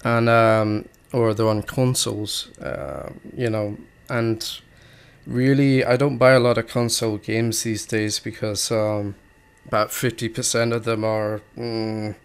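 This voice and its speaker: A man's voice: medium pitch, clean tone. A young man, hosting a gaming vlog, talking in a hesitant, rambling way full of fillers and restarts. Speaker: gaming video host. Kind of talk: casual rambling commentary.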